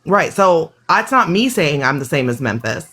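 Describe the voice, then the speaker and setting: A woman's voice: deep voice, very animated, moderate pace, a bit bright, breathy edge. A woman defending herself in a heated live-stream debate, insisting she was misunderstood. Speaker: guest.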